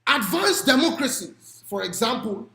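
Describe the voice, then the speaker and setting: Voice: mid-range voice, big pitch swings, normal speed, sharp tone, reverberant. Emphatic speaker with a Nigerian accent. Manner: emphatic, with rhetorical questions and occasional raised voice. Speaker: speaker on advocacy and policy. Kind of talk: impassioned public talk.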